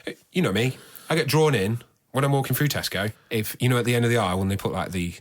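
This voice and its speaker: A man's voice: medium pitch, quick pace. A man co-hosting a music podcast, easygoing, good-humoured and apologetic. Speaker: podcast co-host. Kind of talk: casual chat.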